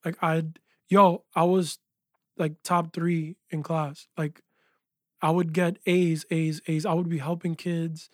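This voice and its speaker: A man, a music producer and engineer, telling his story in a casual interview with animated energy, saying "yo" and "like" a lot. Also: on the high side, slow, no room sound, clean studio sound. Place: small recording studio.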